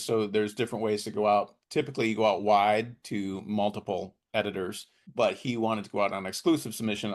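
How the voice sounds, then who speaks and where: A middle-aged man, a guest author, telling his story in a podcast interview and lively acting out the people he quotes. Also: on the low side. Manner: animated storyteller who acts out quoted voices.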